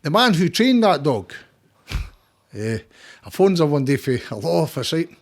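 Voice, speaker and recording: A Scottish man talks in a fairly high voice as a podcast guest. His story rambles, with stumbles, repeated words and freely dropped swearing, all in a loose, casual way. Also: very animated, normal speed, creaky, pauses often.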